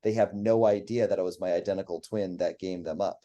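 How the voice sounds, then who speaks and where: Male podcast guest, deep mellow voice, rambling and profane. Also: fairly even intonation, fairly quick. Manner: rambling, profane, list-heavy talk. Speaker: guest, online dating coach. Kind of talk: casual podcast chat.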